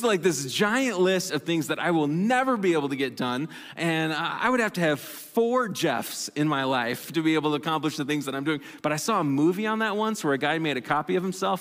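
A male pastor delivering a sermon in a conversational, animated way, with self-deprecating asides. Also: a little high. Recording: long reverb of a large hall.

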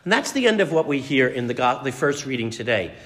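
A man's voice: mid-range voice, big pitch swings, quick pace, fairly bright tone, in a large hall. A man preaching a sermon, telling the story dramatically and putting questions to his congregation.

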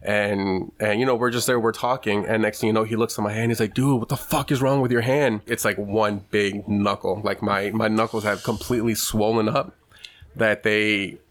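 A young man casually telling a story in a podcast chat, animated and swearing often, acting out what people said. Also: fairly low pitch, normal speed. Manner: animated, swears a lot, acts out quotes.

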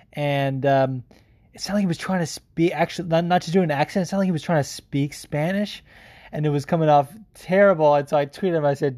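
Profane, rambling podcast host. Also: male voice, a little high, a little mellow, no echo, studio quality. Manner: profane, rambling, with many fillers. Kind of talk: casual podcast monologue.

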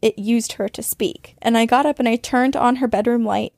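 A woman podcast host reading a listener's ghost story aloud, with dramatic storytelling that speeds up and slows down for suspense. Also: on the high side, steady tone, gravelly, darkish tone, no echo.

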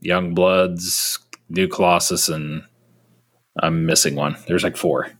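A man's voice: low voice, little pitch movement, slow, fairly bright tone, no room sound, clean studio sound. A man co-hosting a podcast, talking casually and loosely with lots of fillers. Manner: loose and chatty, many fillers. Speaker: podcast co-host.

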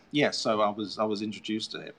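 Low-voiced man in rambling chat. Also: fairly bright tone. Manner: rambling, self-mocking, many fillers and restarts. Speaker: author, guest. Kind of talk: casual chat.

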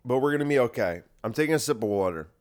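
A man rambling through a solo podcast monologue at a middling pitch, his voice thick and congested. He swears freely and leans on sarcasm as he drifts from point to point. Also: expressive, racing. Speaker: podcast host.

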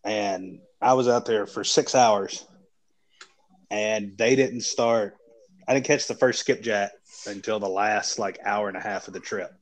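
A man's voice: on the low side, unhurried, rough recording. Tired man telling a fishing story. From Southeastern United States. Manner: easygoing storyteller, trails off and restarts. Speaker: podcast co-host. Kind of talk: casual podcast chat.

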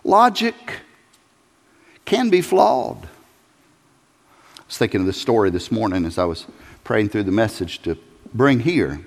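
A male pastor preaching a sermon in a folksy, emphatic way, building to loud peaks. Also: fairly low pitch, big pitch swings, measured pace, creaky, long pauses. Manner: folksy, emphatic, rising to shouts. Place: church sanctuary. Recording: church hall reverb.

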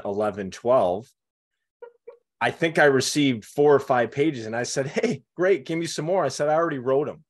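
A young man chatting casually as a podcast co-host. He tells family stories with lively swings in his voice and jumps into the voices of the people he quotes. The tone is relaxed and conversational. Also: mid-range voice. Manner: animated storytelling, acts out quotes.

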